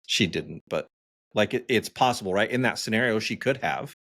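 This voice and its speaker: A man's voice: on the low side, lively intonation, moderate pace, a bit bright. A man in his forties co-hosting a podcast, chatting casually and telling stories with fillers and frequent laughs. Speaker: podcast co-host.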